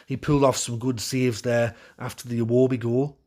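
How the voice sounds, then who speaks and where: Guy ranting after the match, mid-pitched voice, lots of ums, frustrated and opinionated. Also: flat delivery, moderate pace, a little mellow. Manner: frustrated, opinionated, rambling with fillers. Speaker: football fan channel host. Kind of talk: post-match reaction monologue.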